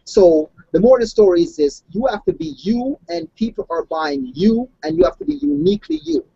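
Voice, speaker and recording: A man's voice: very high-pitched, a little fast, vocal fry, husky, no echo, lo-fi sound. A man who grew up outside the United States, a health coach, telling stories in a casual online discussion with lots of restarts. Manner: animated storytelling with restarts.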